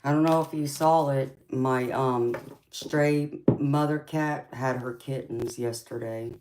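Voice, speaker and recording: A woman with a very deep voice gives a live tarot reading, speaking slowly in a steady tone over heavy background noise. She chats affectionately with viewers, calling them sweetheart and honey.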